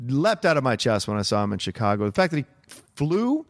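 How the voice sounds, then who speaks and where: A man co-hosting a casual movie podcast, talking in an animated, jokey and enthusiastic way. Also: medium pitch, fast talker. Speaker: podcast co-host.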